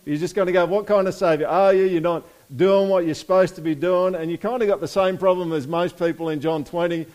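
A man's voice: a little high, a little mellow. A man preaching a sermon in a casual, conversational way, asking the congregation for responses and reading scripture aloud. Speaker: pastor.

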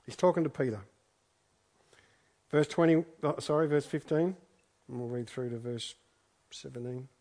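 A pastor preaches a sermon, reading scripture aloud and then earnestly reflecting on it, often repeating phrases for emphasis. His mid-range voice has a darkish tone, moving at normal speed with long pauses.

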